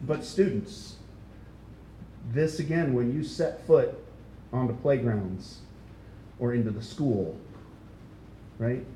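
Conversational male pastor in a roomy hall. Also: dark tone. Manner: conversational, emphatic, asks the listeners questions. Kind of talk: expository sermon. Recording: roomy hall with faint rumble.

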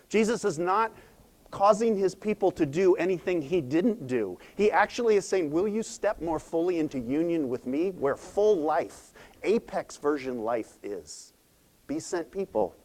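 A middle-aged man, a pastor, preaching a sermon in a conversational, storytelling way. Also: mid-range voice. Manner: conversational storytelling with animated quoted voices.

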